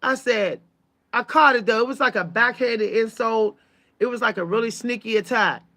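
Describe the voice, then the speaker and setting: Her fairly high voice, a bit bright, moves at a normal speed as she unloads on her audience. As host of her own channel, she tells her story in a heated, emphatic rant peppered with profanity.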